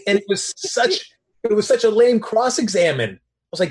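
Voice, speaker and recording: A man's voice: high voice, expressive, a little fast, slight background noise. A man co-hosting a soap recap show, wry and exasperated in casual chat.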